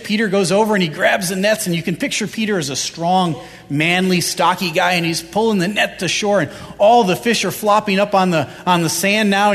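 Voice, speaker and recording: Preaching in a church sanctuary with echoing acoustics, a man drives his sermon forward with repeated rhetorical questions. His voice sits high and sounds a bit bright.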